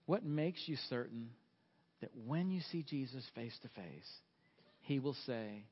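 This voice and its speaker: A man's voice: mid-range voice, animated, a little slow, husky, muffled recording. A middle-aged man preaching a sermon, earnest and folksy, pressing his listeners with questions. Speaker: pastor.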